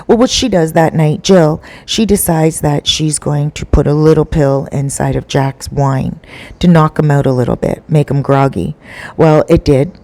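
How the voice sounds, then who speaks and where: A middle-aged woman telling a story to camera, casual and conversational with some dramatic flair. Her voice sits low and mellow, warm rather than bright. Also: normal speed. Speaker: vlogger and storyteller.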